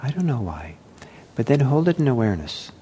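A man teaching meditation in a gentle, unhurried way, with many pauses, fillers and restarts. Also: medium pitch, very animated, husky. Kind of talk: dharma talk.

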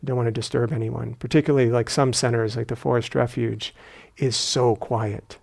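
A male meditation teacher giving a dharma talk in a retreat hall, reflective and unhurried with gentle humor. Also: mid-range voice, steady tone, vocal fry.

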